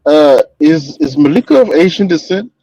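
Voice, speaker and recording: A man's voice: on the high side, lively intonation, normal speed, muffled recording, crowd noise. A man co-hosting a casual live chat, hesitant and curious, often restarting his sentences.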